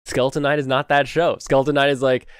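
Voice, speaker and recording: A man's voice: mid-range voice, little pitch movement, fast talker, clean tone. A young man hosting a casual anime chat while sick, rambling with many fillers and frequent laughs. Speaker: host.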